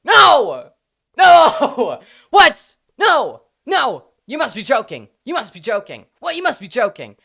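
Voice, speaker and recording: A streamer voicing a crowd of horrified fans, shouting shrill, frantic protests. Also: wildly swooping pitch, slow, gravelly, breathy edge, exaggerated voice.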